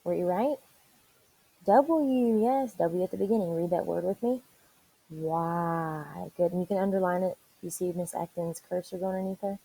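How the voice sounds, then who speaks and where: A woman teacher leading an online reading lesson for young children, spelling words out slowly and encouraging them. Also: fairly low pitch, steady tone, creaky, dark tone, slightly rough, rough recording. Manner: encouraging, slow and deliberate spelling aloud.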